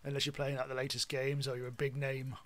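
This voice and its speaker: A man's voice: medium pitch, monotone, fast talker, a bit bright. A British man giving rambling, casual commentary on a live game stream, swearing freely.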